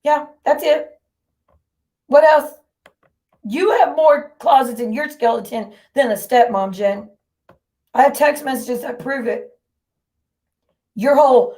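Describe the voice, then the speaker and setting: Brief: woman stream host, fairly high voice, furious and profane, calling out her chat directly. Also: slow, pauses often, darkish tone. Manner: heated, profane, confrontational. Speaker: livestream host. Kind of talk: angry livestream rant.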